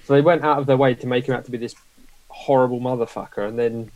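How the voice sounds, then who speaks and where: A man co-hosting a loose film chat, emphatic and blunt, swearing without pause. His voice sits at an everyday middle pitch. The sound is dry and close to the mic. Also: steady tone, a little mellow, no room sound, highs cut off. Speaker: podcast co-host. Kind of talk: casual film review chat.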